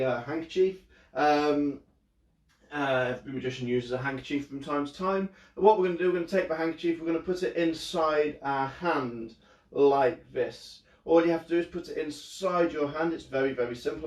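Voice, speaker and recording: A young man who entertains children, teaching a magic trick in a playful, jokey way on a live stream from a room at home. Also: on the high side. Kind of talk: live online magic lesson for kids. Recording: roomy echo, mic at a distance.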